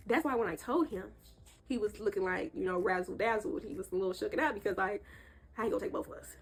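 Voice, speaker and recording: A woman's voice: mid-range voice, quick pace. A young woman telling a casual storytime to her viewers. She sounds congested and a bit nasal from allergies, and she keeps checking in with her audience in a chatty, emphatic way. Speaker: storytime vlogger. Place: indoor room.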